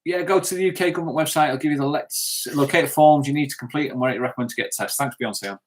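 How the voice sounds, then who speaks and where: A man's voice: on the high side, fast talker, a little hiss or hum. Jokey man reading out viewer comments. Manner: jokey, reads comments aloud, thanks viewers. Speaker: co-host of a live stream.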